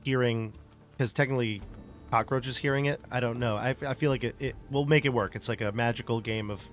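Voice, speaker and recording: This game master narrates a tabletop session briskly, his medium-pitched voice staying fairly even over soft background music. He rambles loosely, leaning constantly on "like" and "you know."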